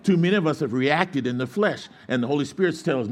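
A man's voice: a little high, fast talker. A man preaching a sermon to his congregation, calling for responses and acting out the voices in his stories. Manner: lively call-and-response preaching, acts out quoted voices. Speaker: pastor.

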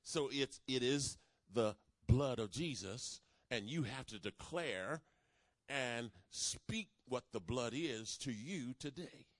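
A man delivering a sermon in a mid-range voice, calling on the congregation to repeat after him. He builds from measured teaching to loud, emphatic proclamations. The sound is dry and close. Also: medium pitch, animated, no echo. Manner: call-and-response preaching, rising to emphatic declarations. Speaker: pastor.

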